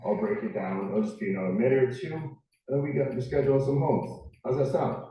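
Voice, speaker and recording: A man's voice: medium pitch, lively intonation, a little fast, dark tone. A man playing a real estate agent in a sales role-play, reassuring and upbeat as he walks a buyer through paperwork. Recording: roomy distant clip, faint noise.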